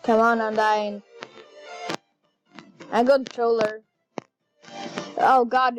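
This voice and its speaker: A woman chatting casually while playing a video game, excitable and easily flustered. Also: on the high side, slow, long pauses. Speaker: gaming channel host. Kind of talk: casual gameplay commentary. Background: faint game music.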